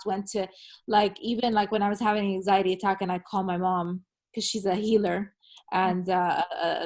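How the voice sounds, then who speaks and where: Chatty young woman telling a story. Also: mid-range voice. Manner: chatty, lively retelling with many "like"s. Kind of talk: casual conversation, animated storytelling.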